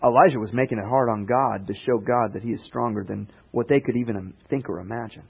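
Casual male preacher, chatty storyteller with dry asides, husky tone, lo-fi sound. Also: medium pitch, fast. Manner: conversational, sarcastic asides, jumps into voices for characters. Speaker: pastor. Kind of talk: casual sermon with acted-out retellings.

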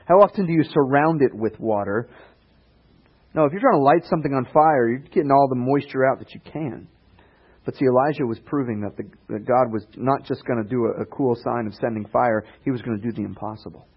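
A man preaching a casual sermon, retelling stories in a conversational way with sarcastic asides and quick character voices. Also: medium pitch, slightly rough, dull audio. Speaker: pastor.

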